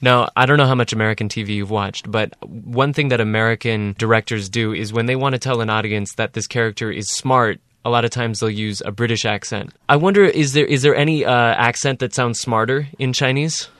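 A man's voice: mid-range voice, a little fast, few pauses, a bit bright, dry recording, studio quality. A man interviewing a guest and asking curious, thoughtful questions in a conversational way.

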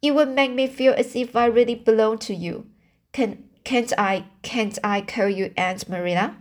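A woman's voice: on the high side, steady tone, moderate pace, close to an everyday voice. A woman raising her voice for an eager orphan girl. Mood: imploring. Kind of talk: amateur audiobook reading.

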